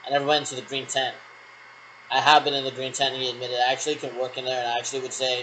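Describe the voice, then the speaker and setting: A man's voice: mid-range voice, flat delivery, quick pace, fairly bright tone, rough recording. Guy rambling thru radio checks, lots of military radio talk, faint hiss under it. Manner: military radio jargon, repetitive and meandering.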